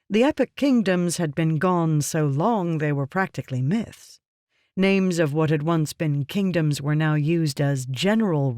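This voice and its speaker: A measured audiobook narrator reading a fantasy novel at an unhurried, deliberate pace. The recording is dry and close, with no room around the voice. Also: mid-range voice, no room sound. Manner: measured, even storytelling.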